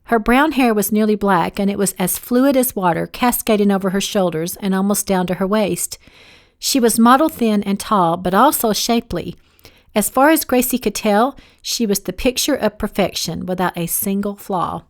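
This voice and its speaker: A woman reading her own novel aloud as audiobook narration, steady, giving each character a voice. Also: medium pitch.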